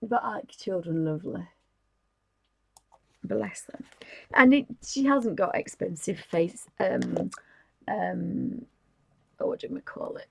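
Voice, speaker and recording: A woman's voice: on the low side, animated, takes it slowly, creaky, long pauses, darkish tone, husky, no room sound, low-quality recording. A woman, chatting casually and giggling as she hosts a live stream. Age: 50s. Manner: chatty and giggly, rambling with restarts. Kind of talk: casual chat, showing things to camera.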